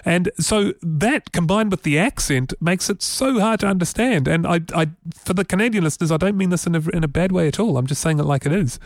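Chatty New Zealand man, higher voice. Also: lively intonation, a little fast, few pauses, no echo, clean studio sound. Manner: chatty, laughs often, frequent restarts and fillers. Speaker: podcast co-host. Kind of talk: casual tech podcast chat.

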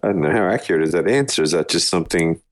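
A man co-hosting a casual tech podcast, asking quick questions and reacting. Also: deep voice. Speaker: podcast co-host.

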